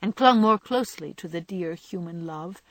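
A woman narrating a novel in a gentle, measured reading style. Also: lowish voice, no echo. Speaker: audiobook narrator.

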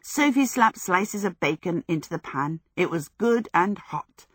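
Slow, measured woman narrating. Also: lowish voice, animated, breathy edge, no room sound, clean studio sound. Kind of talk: audiobook reading.

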